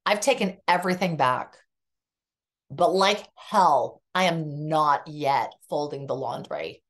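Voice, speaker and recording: Low-voiced woman telling her story candidly. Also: slow pace. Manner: animated, acts out quoted dialogue. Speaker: psychotherapist guest. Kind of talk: candid personal storytelling in conversation.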